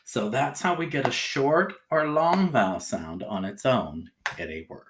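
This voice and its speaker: A male teacher walks young children through a phonics lesson at an unhurried pace. He sounds out each letter patiently, then lifts his voice brightly to check in with them. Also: slight background noise. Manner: lively pitch, rising on cheerful check-ins.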